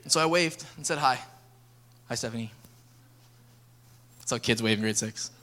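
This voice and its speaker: A man's voice: medium pitch, fast talker, pushed and bright. A young man preaching an earnest sermon that builds to emphatic appeals. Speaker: pastor.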